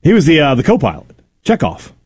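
A man's voice: on the high side, quick pace, husky. A man hosting a sports radio show from a studio, joking and bantering with his co-host. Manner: lively, joking, reads ads conversationally.

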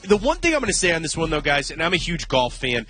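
A man talking sports on the radio with a bright, forceful tone and a slightly raised pitch. He drives his points home emphatically, often repeating himself. Faint music plays under the studio talk. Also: big pitch swings, fast talker.

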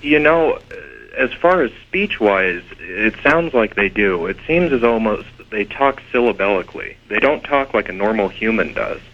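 Low-voiced man on a muffled phone line. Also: animated, moderate pace. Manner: casual, hesitant, many fillers. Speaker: paranormal investigator, radio guest. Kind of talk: radio interview.

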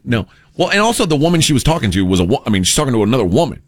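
Man, deep voice, casual radio chat, rambling, restarts, dry close sound. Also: big pitch swings, very fast, few pauses, dry recording. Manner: rambling, restarts and loose storytelling. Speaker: radio show co-host.

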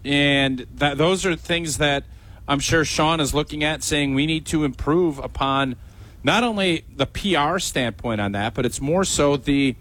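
Man, talk show guest, somewhat high voice, thoughtful, hesitant. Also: a little slow, a bit bright. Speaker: guest commentator. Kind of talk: casual sports talk.

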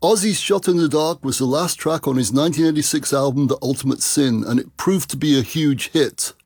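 A man hosts a rock radio show between songs, talking with eager, opinionated enthusiasm about the music. His voice has a gravelly edge. The recording is dry and close, with no room sound. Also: medium pitch, darkish tone, no echo.

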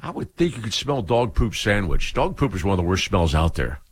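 Low husky guy hosting a talk show, voice swoops around a lot, laughs through stories. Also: sing-song, fairly quick, slight background noise. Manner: laughing, rambling storyteller. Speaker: radio show host. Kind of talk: casual morning-show banter.

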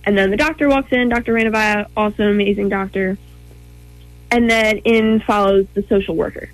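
A woman's voice: medium pitch, steady tone, fairly quick, dry recording, low-quality recording. Earnest young woman, dry close sound. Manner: earnest, tells it in a rush of short phrases with many ums. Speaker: guest. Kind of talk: personal story in an interview.

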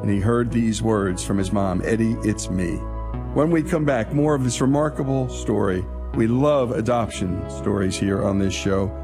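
A man's voice: lowish voice, moderate pace, vocal fry, music in the background. A male radio host narrating and wrapping up a story segment, lifting his voice on teasers.

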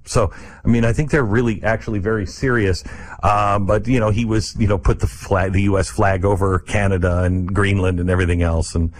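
Sarcastic rambling male commentary host. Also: fairly low pitch. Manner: rambling and sarcastic, with many restarts and asides. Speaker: show host. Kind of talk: casual political commentary monologue.

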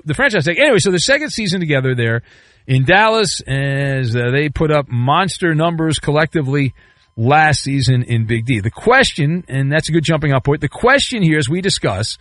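Animated, sarcastic male sports talk host. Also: normal speed. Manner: sarcastic, riffing with mock quotes; animated, swings between loud bursts and low asides. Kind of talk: sports talk radio commentary.

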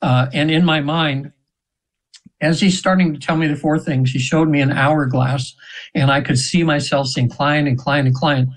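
A man's voice: fairly high pitch, fairly even intonation, normal speed, low-quality recording. A man in his seventies, a radio guest, telling a spiritual story in a rambling, earnest way, often restarting and retelling what others said. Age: 70s. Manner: rambling and earnest, with frequent restarts and retold quotes. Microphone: radio interview mic.

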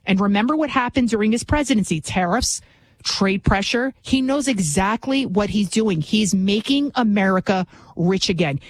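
A woman's voice: medium pitch, dry recording, low-quality recording. A woman giving an impassioned political monologue as a commentator, emphatic and repetitive, often tagging lines with a rhetorical "right?".

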